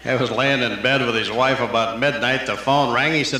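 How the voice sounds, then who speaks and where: Male stand-up comic, quick one-liners, crisp bright tone, roomy live club tape. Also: mid-range voice, steady tone, a little hiss or hum. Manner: rapid-fire one-liners, jumping into character voices. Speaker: stand-up comedian. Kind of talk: live stand-up joke telling. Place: live comedy venue.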